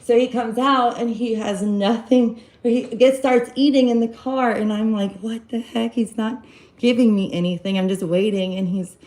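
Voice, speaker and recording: A woman casually telling a personal story to her live-stream viewers, rambling and animated, acting out quoted dialogue. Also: fairly high pitch, moderate pace, rough recording. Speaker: live-stream host giving relationship advice.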